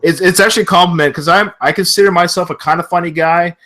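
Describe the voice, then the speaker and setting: A man's voice: sits high, fairly even intonation, quick pace, pushed and bright. A man from Canada hosting a podcast, chatting casually, laughing often and heaping on praise. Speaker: podcast host.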